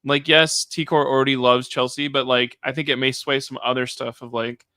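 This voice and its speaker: A man's voice: medium pitch, level tone, normal speed, bright, forceful tone, no echo. A man co-hosting a reality TV recap livestream, chatting casually and mimicking people as he retells scenes. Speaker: co-host of a reality TV recap show.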